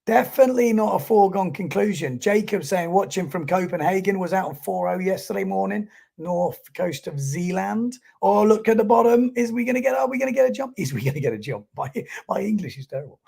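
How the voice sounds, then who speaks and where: A man's voice: high voice, lively intonation, brisk, gravelly, darkish tone, breathy edge. A man giving chatty live commentary on a sports stream and reading out viewer comments.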